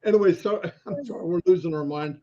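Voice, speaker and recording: A man co-hosting a live stream in casual chat, joking and animated, heard through a video call mic. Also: high voice, fast talker, highs cut off.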